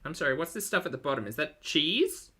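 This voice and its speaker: A man's voice: on the high side, big pitch swings, fairly quick, over loud music. An Australian man giving sarcastic, chatty commentary while reacting to a video.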